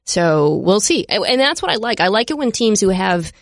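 A man hosting a sports podcast in casual chat, joking and laughing often with quick asides. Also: high-pitched, sing-song, vocal fry, no echo, studio quality. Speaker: podcast host.

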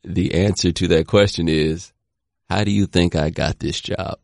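A man co-hosting a podcast in casual sports chat, animated and joking with slangy talk. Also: deep voice, moderate pace, gravelly, no room sound, clean studio sound. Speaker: podcast co-host.

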